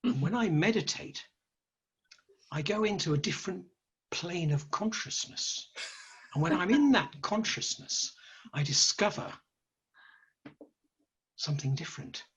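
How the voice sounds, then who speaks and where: A man voicing a smooth-talking, scheming male crow who lectures in a persuasive, smug way. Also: sits high, animated, a little slow, pauses often, fairly bright tone, dull audio, pitched above the performer's own voice, full character voice. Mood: lecturing.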